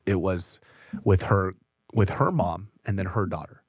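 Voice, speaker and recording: A man co-hosting a podcast, chatting casually and telling animated, profane stories. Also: sits low, measured pace, husky, no echo, clean studio sound. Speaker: podcast co-host. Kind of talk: casual chat.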